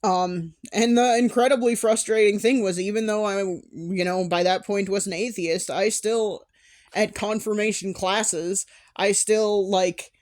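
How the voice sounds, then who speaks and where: A woman's voice: medium pitch, fairly even intonation, unhurried, a little mellow. Emotional young woman vlogging candidly. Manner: candid and emotional, with sighs and restarts. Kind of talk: personal vlog monologue.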